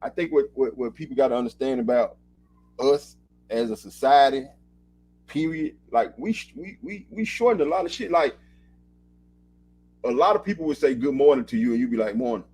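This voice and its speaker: A man's voice: mid-range voice, normal speed, pauses often, a little mellow, breathy edge. A man co-hosting a podcast, talking in loose, emphatic casual chat and swearing now and then. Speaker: podcast co-host.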